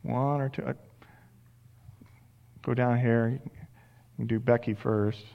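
A man, the pastor, leading a church service and warmly thanking members after each testimony. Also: mid-range voice, steady tone, slow pace, creaky, dull audio. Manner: encouraging, thanking each speaker. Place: church sanctuary.

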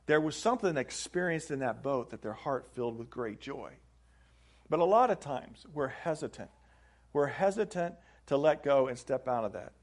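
A man's voice: mid-range voice, animated, moderate pace. A man preaching a sermon, reading aloud from a book and stressing phrases with rising emphasis. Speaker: pastor. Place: church sanctuary.

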